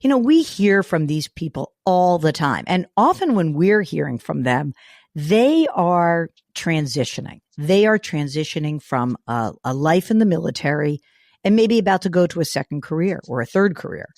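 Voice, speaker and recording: A hoarse woman hosts a money interview in a chatty, easy way with a lower voice that swings widely in pitch. Her scratchy voice sits in a dry, close sound. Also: moderate pace, no room sound. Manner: lively, chatty, laughs easily. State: hoarse from a cold. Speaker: host. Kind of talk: interviewing a guest.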